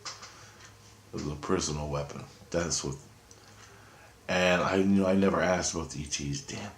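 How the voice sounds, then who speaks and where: Low-voiced man, profane excitable storyteller, roomy echoey recording. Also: unhurried, a little hiss or hum. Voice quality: profane, excitable, talks in restarts. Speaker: vlogger. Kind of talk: rambling first-person storytelling.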